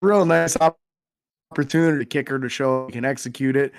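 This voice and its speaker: A man's voice: mid-range voice, a little fast, gravelly. A man co-hosting a casual sports podcast, methodically breaking down player performances. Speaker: podcast co-host.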